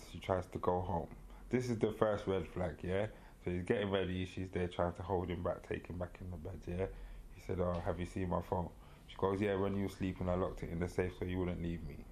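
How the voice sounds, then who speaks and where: Animated man telling a story. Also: low-pitched, slight background noise. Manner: animated storytelling with slang, laughing often. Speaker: podcast co-host. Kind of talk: casual chat.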